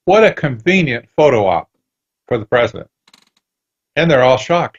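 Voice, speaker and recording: A man's voice: mid-range voice, moderate pace, husky, highs cut off. A man talking as a guest on a radio interview, telling stories with animation and acting out bits of dialogue. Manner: animated storytelling, acts out dialogue. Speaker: guest author.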